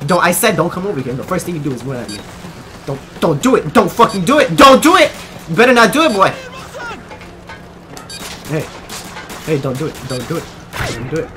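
A young gaming YouTuber giving live commentary, swearing constantly and pleading with and yelling at other players. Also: mid-range voice.

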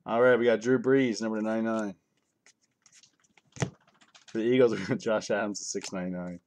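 A middle-aged man runs a live card break, reading out cards and joking offhandedly with viewers in casual stream chat. His voice is lowish and darkish, steady in tone and a little fast. There's slight background noise.

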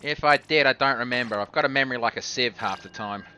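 A man's voice: medium pitch, quick pace, sharp tone, slight background noise. A man playing along on a game stream, joking dryly and swearing casually. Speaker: co-player on stream.

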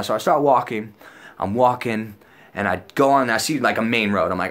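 A man's voice: mid-range voice, expressive, normal speed, a bit bright. A young man vlogger telling a story casually. He rambles and swears, fills his talk with "like" and "dude", and acts out his own past lines in a raised voice. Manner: rambling and profane, full of "like" and "dude".

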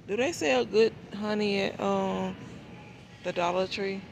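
A woman films herself on a phone as she shops, chatting to her viewers and mulling over every price tag. Her voice has a gravelly, fry-laden edge. The sound of a busy supermarket carries clearly behind her. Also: medium pitch, unhurried. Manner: chatty, thinks aloud about prices. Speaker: shopping vlogger. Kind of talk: casual chat to viewers while shopping. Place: large supermarket, indoors. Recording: noisy store background.

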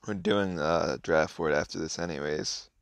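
A man with a very low, deep voice talks through a mobile card game in an offhand, muttering way. The sound is dry and close, with no room around it. His commentary stays relaxed and conversational. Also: normal speed, gravelly, dry recording. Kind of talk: casual gameplay commentary.

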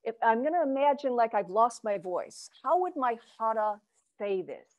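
Relaxed woman Zen teacher guiding voice work. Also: normal speed, muffled recording. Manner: demonstrates chants and low vowel sounds from the belly; relaxed and encouraging, with light laughs. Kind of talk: voice and chanting workshop.

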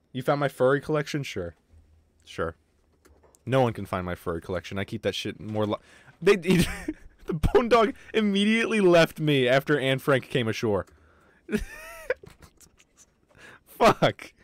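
Excitable young man streaming a game. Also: medium pitch, no room sound. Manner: excitable, swearing, quick outbursts of frustration. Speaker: livestreamer. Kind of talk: casual gaming livestream commentary.

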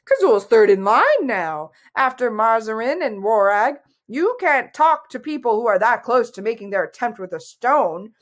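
A woman's voice: fairly high pitch, sing-song, normal speed, few pauses. Woman reads an irritable, self-important dragon; indignant and dismissive. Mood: cross. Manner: huffy and indignant. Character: cross, pompous olive-green dragon, easily annoyed.

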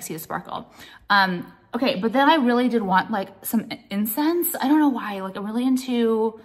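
A young American woman talks to her viewers in a loose, meandering show-and-tell. She strings her thoughts together with constant "like"s and casual swearing, and her pitch sits in the middle range. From United States. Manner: rambling, heavy use of "like", swears casually. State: pregnant. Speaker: vlogger showing purchases.

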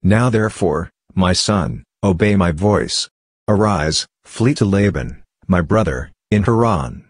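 Deep-voiced man reading scripture. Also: animated, slow, no room sound, studio quality. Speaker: Bible reader.

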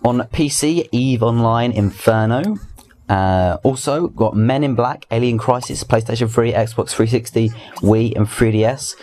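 A man's voice: medium pitch, unhurried, a little mellow. A young man hosting a casual weekly gaming news roundup, chatty and rambling, with restarts and asides. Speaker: gaming video host.

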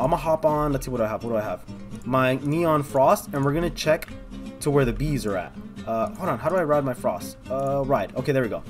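A young man rattles through his gameplay in quick, excitable commentary. He thinks out loud and keeps turning to his viewers. His voice sits a little high, with soft guitar music underneath. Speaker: gaming video host.

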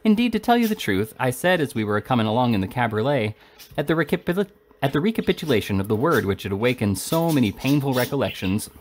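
A man's voice: mid-range voice, sing-song, quick pace. A man voicing a timid, apologetic middle-aged Victorian husband who speaks meekly. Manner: meek and placating.

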